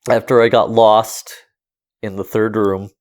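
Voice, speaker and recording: A man co-hosting a casual podcast, reviewing a game with jokey, animated asides. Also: on the low side, unhurried. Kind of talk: casual chat.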